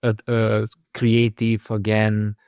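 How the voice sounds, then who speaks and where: A man, a doctor hosting an interview show, asking questions in a halting way as he searches for words. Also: fairly low pitch, completely flat delivery, darkish tone, smooth, no echo, studio quality. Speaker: host, doctor.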